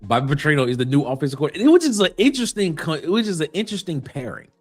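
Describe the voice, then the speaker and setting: An easygoing man co-hosts a sports chat, chuckling and repeating his quick reactions. His pitch moves around freely, and faint music sits behind him. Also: big pitch swings. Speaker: sports show co-host.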